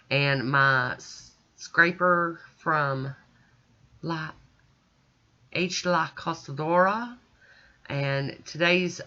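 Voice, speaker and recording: A woman with an extremely low-pitched, pushed and bright voice chats casually while narrating a nail art tutorial voice-over, in a folksy, self-deprecating way. The audio is slightly dull and lo-fi.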